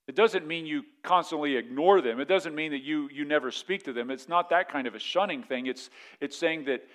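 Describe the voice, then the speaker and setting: A man's voice: on the high side, a bit bright. A man preaching as a pastor in a conversational way, often repeating words and asking the congregation questions. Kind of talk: sermon.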